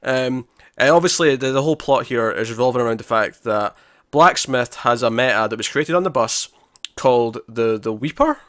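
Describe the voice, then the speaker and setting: This podcast co-host is a Scotsman with a mid-range voice who speaks at a normal speed. The recording is dry and studio quality, and in the casual chat he animatedly acts out scene lines.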